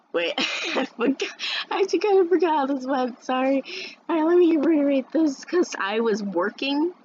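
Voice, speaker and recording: A woman vlogger telling a story as a casual rant, rambling and swearing a lot, with many restarts. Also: medium pitch. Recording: dull lo-fi sound with faint noise.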